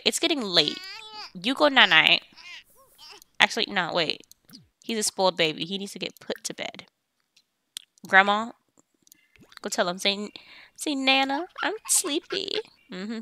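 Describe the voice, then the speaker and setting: A woman talks through her life-sim game in a relaxed, slangy running commentary. She scolds and teases her characters like family. Her voice is bright and forward, sitting in a middle register. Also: mid-range voice. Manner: chatty, bossing and teasing her game characters; loose, slangy everyday speech. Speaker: let's play host. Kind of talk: casual gameplay commentary.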